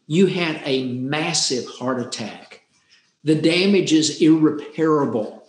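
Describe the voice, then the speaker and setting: A man voicing a serious male physician, speaking slowly and gravely. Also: a little high. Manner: slow and serious. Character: grave male physician delivering bad news. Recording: roomy echo.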